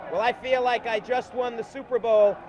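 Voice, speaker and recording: Man, lawyer, very high voice, wry measured press statement, noisy crowded outdoor news footage. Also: steady tone, a crowd in the background.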